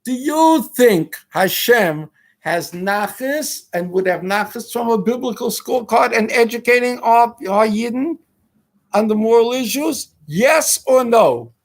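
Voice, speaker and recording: A man with a notably high voice hosts a talk show, preaching his views in an emphatic monologue. He fires off rhetorical questions and peppers his speech with Hebrew and Yiddish terms. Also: expressive, a little slow. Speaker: radio talk host. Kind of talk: political commentary monologue.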